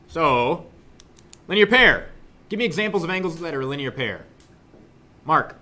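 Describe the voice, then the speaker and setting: A young man teaching a math class, joking with students and suddenly yelling for effect, recorded in a classroom. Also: fairly high pitch, moderate pace, pauses often. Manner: joking, animated, shouts suddenly. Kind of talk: classroom lesson.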